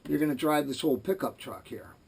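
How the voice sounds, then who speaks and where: A man's voice: on the high side, brisk, creaky, a little mellow, slightly rough, recorded from a distance, pitched below the performer's own voice, heavily acted. A man voicing Saint Peter, a stern old gatekeeper of heaven, in a joke, in a plain, matter-of-fact way.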